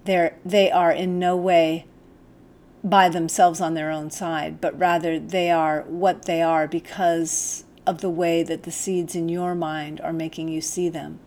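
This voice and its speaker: A woman narrating a first-person novel as an audiobook, in a calm, measured, gentle reading voice. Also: deep voice.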